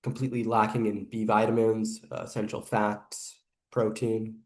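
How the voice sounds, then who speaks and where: A man giving casual reaction commentary on video clips, rambling and pausing, who says saliva builds up when he talks fast. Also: on the low side, level tone, a little mellow. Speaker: video reviewer.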